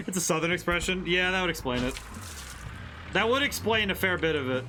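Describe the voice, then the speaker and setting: A streamer from the northern United States keeps up a casual, bemused let's-play commentary, giggling and talking back to the game's characters. The voice swings widely in pitch, and game music plays clearly underneath it. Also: animated, fairly quick.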